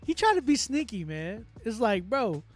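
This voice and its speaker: A man's voice: extremely high pitch, sing-song, normal speed. A man from Texas, a music producer hosting a casual livestream, reading chat aloud and giving loose, talkative critique with frequent laughs.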